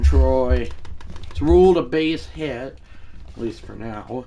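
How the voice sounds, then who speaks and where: A man streaming a baseball video game live, talking to his chat between pitches and breaking into mock play-by-play calls. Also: slow pace, gravelly, pauses often, a little hiss or hum. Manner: mock play-by-play announcing, excitable; chatty asides to viewers.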